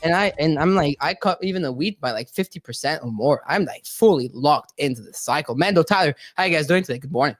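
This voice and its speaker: A woman's voice: low-pitched, animated, fast, hardly any pauses, no room sound, faint music behind. A woman from Canada hosting a live online talk show in a slangy, giggly way, swearing freely. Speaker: host.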